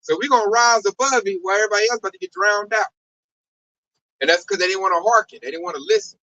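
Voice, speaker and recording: A man teaching from the Bible in an informal, emphatic preaching style, his pitch leaping up and down as he drives his points home. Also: fast, pushed and bright. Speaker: street preacher. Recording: dull lo-fi recording.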